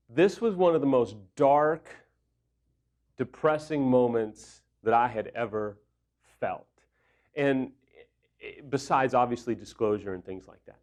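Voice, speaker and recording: A man's voice: mid-range voice, measured pace, pauses often. Candid man telling a humbling story. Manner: candid, animated storytelling with self-deprecating humor. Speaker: recovery coach. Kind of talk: personal storytelling talk.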